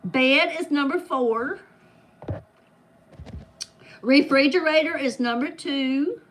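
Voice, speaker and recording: A woman with a high voice hosts a relaxed trivia game among friends. She reads each question and answer at an easy, drawn-out pace, teasing the players as she goes. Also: a little hiss or hum. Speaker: game host.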